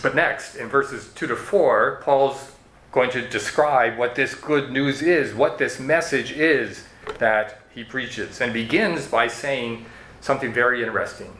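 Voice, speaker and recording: A man's voice: mid-range voice, a little slow, fairly bright tone, slight background noise. A man preaching an expository sermon, walking listeners through the verses in an earnest teaching tone. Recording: echoey room with faint ambience.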